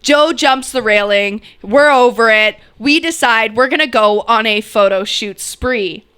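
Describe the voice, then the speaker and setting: A young woman from Canada, co-hosting a podcast and telling a story with her brother, animated and laughing as she acts out quotes. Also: on the high side, a little slow, clear, resonant tone. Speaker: podcast co-host. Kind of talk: casual storytelling chat.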